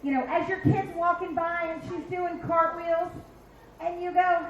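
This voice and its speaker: A woman's voice: very high-pitched, normal speed, a little mellow, muffled recording, slight background noise. A woman in her fifties from Philadelphia doing a stand-up comedy set on a bar stage, brash and profane with acted-out asides. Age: 50s. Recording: echoey bar room.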